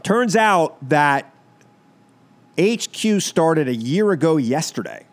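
A man's voice: on the high side, very animated, slow. A man hosting a radio show, chatting casually and rambling with fillers and restarts.

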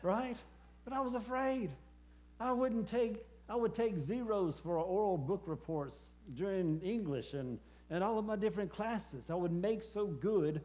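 A man preaching a personal testimony sermon, speaking haltingly with many fillers and repeated words. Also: high voice, darkish tone. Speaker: preacher and former hospice chaplain.

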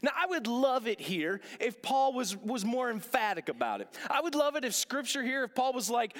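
A man's voice: extremely high pitch, very animated, normal speed, few pauses, fairly bright tone. A man preaching a sermon as a pastor, earnest, repeating phrases for emphasis and asking rhetorical questions. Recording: long echoing hall reverb.

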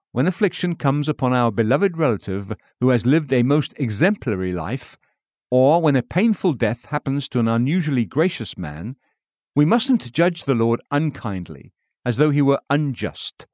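A man giving a solemn, measured scripted devotional reading. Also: mid-range voice, big pitch swings, darkish tone, dry recording, clean studio sound. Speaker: reader of a devotional text.

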